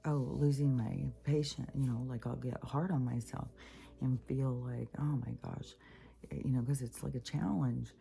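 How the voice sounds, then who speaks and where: Very deep gravelly woman vlogger. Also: fairly even intonation, normal speed, warm tone. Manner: rambling, many fillers, drops into whispery asides. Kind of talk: casual spiritual vlog monologue.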